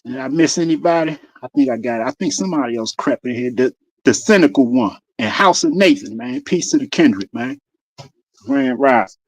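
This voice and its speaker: A man's voice: mid-range voice, animated, moderate pace, no room sound. A man hosting a live stream in casual chat, laid-back as he agrees and greets listeners. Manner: laid-back, gives shout-outs. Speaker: stream host.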